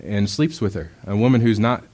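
A young man delivers a sermon in a relaxed, conversational way. His voice sits low, and he stumbles through fillers. Now and then he acts out quoted voices with sudden loud bursts. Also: a little fast. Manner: casual, conversational preaching with many fillers. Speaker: preacher.

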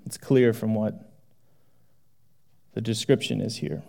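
A male pastor preaching a sermon in a conversational, animated way, moving between loud exclamations and hushed asides. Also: fairly low pitch, slow pace, vocal fry.

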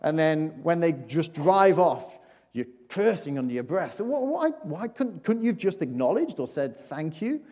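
A man's voice: a little high, very animated, unhurried, mellow. Chatty man, echoing church hall. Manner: chatty and playful, asks the audience questions, often restarts. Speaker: preacher giving a children's talk. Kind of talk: informal children's talk in a church service. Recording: long reverb of a large hall.

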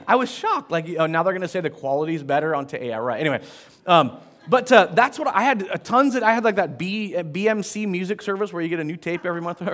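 High-voiced pastor preaching casually. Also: male voice, a bit bright. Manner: conversational, self-deprecating, with asides to the congregation. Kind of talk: sermon. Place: church auditorium.

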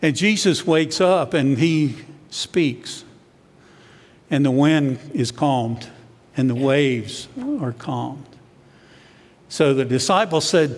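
A man's voice: mid-range voice, slow, long pauses. Man preaching a sermon in a reverberant hall. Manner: conversational preaching, acts out quoted disciples. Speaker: church elder preaching.

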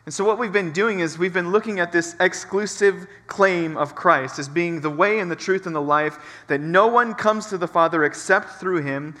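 Male pastor preaching in a reverberant hall; high, bright, forceful delivery with emphatic repetition. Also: normal speed, hardly any pauses. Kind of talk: sermon. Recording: long reverb from a large hall.

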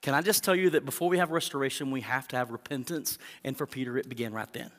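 A male pastor preaching a sermon, animated, acting out the quotes as he tells the story. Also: medium pitch, fast talker. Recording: long hall reverb.

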